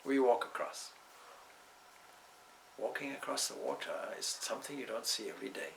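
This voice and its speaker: A man's voice: mid-range voice, very animated, moderate pace, creaky, slight background noise, poor audio. A man, a swami, giving a spiritual talk indoors in a discursive way, weaving in stories and side remarks. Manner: discursive, with asides and restarts.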